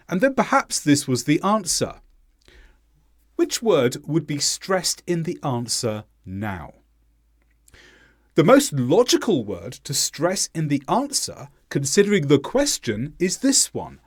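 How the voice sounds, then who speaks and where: A man delivers a scripted English lesson at a slow, measured pace, his slightly high voice swinging widely as he hits the important words hard. The sound is dry and close. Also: huge pitch swings, no echo. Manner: slow, deliberate, exaggerated stress on key words. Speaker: English pronunciation teacher.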